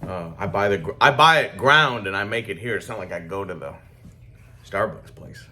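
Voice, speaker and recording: A man's voice: fairly low pitch, moderate pace, pushed and bright, a little hiss or hum. A man chatting casually and swearing freely while giving a workshop project update. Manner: rambling, profane, laid-back. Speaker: hobby swordsmith vlogger.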